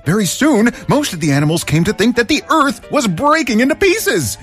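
A man narrating a children's story in an animated storytelling manner. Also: very high voice, normal speed, soft background music.

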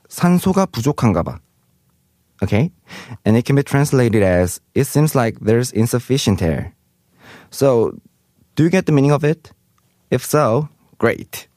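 A man's voice: mid-range voice, warm tone, dry recording, studio quality. A man teaching Korean vocabulary in English. He reads example sentences aloud and translates each one. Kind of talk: explaining vocabulary.

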